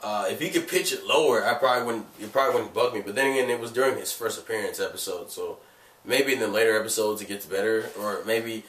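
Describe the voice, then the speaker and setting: A man's voice: lowish voice, fast talker, a bit bright, distant mic. Rambling man with a cold, echoey room. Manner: rambling, full of "like" and restarts. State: has a cold, coughing. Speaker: anime vlogger. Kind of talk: casual review vlog. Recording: echoey room, away from the mic.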